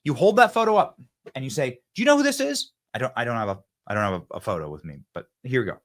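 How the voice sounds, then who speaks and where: A man hosting a political talk show, giving an energetic monologue that repeats phrases and acts out debate lines. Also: medium pitch, fast talker. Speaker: political commentator and show host.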